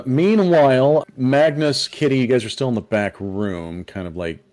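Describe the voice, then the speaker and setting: A man's voice: mid-range voice, moderate pace, a little mellow. A man running a tabletop game as game master, narrating hesitantly with many fillers.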